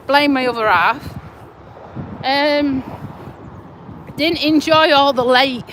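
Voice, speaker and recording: A woman's voice: sits high, fairly bright tone, rough recording. A middle-aged woman chatting casually on a live stream while walking outdoors, self-mocking, swearing lightly and chuckling often, recorded on a phone. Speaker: vlogger. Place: outdoors on a windy walk near roads. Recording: wind and traffic noise outdoors.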